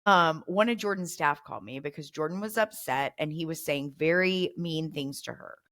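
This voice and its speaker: A woman's voice: low voice, normal speed. Woman hosting a parenting podcast. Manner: warm coaching tone, acts out example phrases. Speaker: podcast host.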